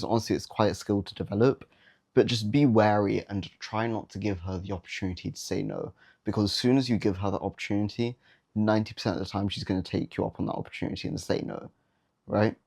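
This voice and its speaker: A man's voice: on the low side, fairly even intonation, fairly quick, vocal fry, mellow. A young man giving dating advice in a casual, blunt, slangy monologue, often mocking the habits he warns against.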